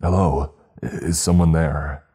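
Man doing a sly, falsely friendly stranger, very deep, husky, horror story. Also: fairly even intonation, measured pace, mellow, full character voice.

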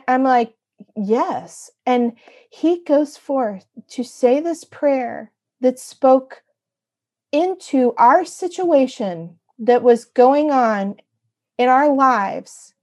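A woman guest telling a personal story in an earnest, emotional way, halting and restarting as she goes. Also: high voice, darkish tone. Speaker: podcast guest.

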